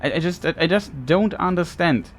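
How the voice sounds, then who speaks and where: Man, gamer commentary, ranting and exasperated, slightly higher voice, faint background hiss. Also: normal speed. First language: German. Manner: ranting, exasperated, repeats words when upset. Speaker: let's play gamer. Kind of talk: frustrated gameplay commentary.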